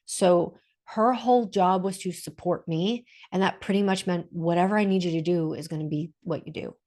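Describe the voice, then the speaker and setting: A woman's voice: on the low side, steady tone, moderate pace, darkish tone. A woman speaking in a casual webinar discussion, stressing her points by repeating them, speaking over a video call.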